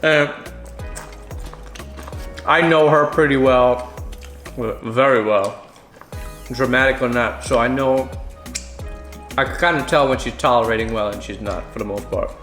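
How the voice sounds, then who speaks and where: A man's voice: mid-range voice, a little slow, long pauses, fairly bright tone, soft background music. Easygoing man chatting in echoey room. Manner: supportive, reassuring, talkative. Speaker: vlogger, co-host. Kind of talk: casual mukbang chat.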